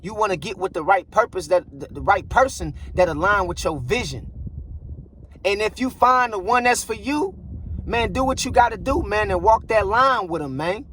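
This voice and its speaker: A man's voice: high-pitched, lively intonation, moderate pace, a bit bright, slight background noise. A man giving blunt, preachy relationship advice in a casual monologue, repeating himself for emphasis. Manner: blunt, preachy, repeats phrases like "bruh" and "I guarantee you". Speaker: relationship commentator.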